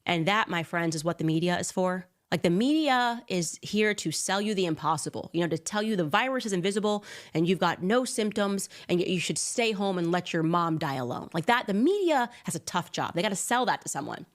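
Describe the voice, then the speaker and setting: A woman's voice: lowish voice, lively intonation, brisk, few pauses. A woman hosting a sarcastic, mock-incredulous commentary monologue. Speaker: commentator host.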